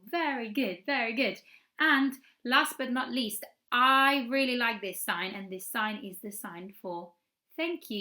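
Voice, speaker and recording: This is a woman leading a children's story time, speaking slowly and with care in a fairly high voice. She is playful and encouraging, with a sing-song lilt as she teaches the signs. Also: sharp tone. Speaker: children's storyteller and craft presenter.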